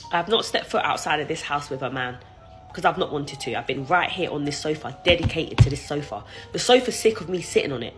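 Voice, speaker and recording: A woman, telling a casual story to camera in a chatty, expressive way. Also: deep voice, low-quality recording. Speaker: vlogger.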